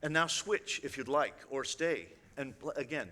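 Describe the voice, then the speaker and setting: A man's voice: mid-range voice, animated, moderate pace, background noise. A man, an illusionist, addressing a live audience on stage in a chatty, wry way with frequent direct asides. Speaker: illusionist giving a talk. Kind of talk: conversational stage presentation. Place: large hall on stage. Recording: long hall reverb.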